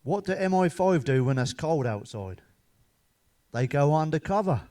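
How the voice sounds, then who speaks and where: Swearing comedian telling dad jokes. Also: male voice, fairly high pitch, animated, normal speed, mellow. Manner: swears freely, laughs at his own jokes. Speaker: stand-up comedian. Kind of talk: stand-up one-liners.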